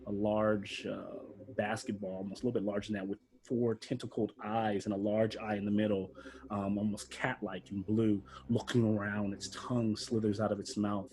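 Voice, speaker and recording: A man narrating a tabletop game as game master over a video call, halting with many fillers and restarts. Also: fairly low pitch, level tone, a little mellow, a little hiss or hum.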